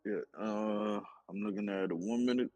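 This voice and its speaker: A man's voice: on the low side, steady tone, normal speed, warm tone. A man on a live trading call, reading out price levels carefully with small fillers.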